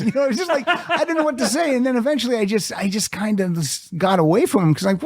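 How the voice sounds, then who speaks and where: A man hosting a podcast, telling a story in a lively, laughing way. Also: high voice, quick pace, few pauses, no room sound, studio quality. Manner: animated storyteller, laughs often. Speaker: podcast host. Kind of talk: casual podcast chat.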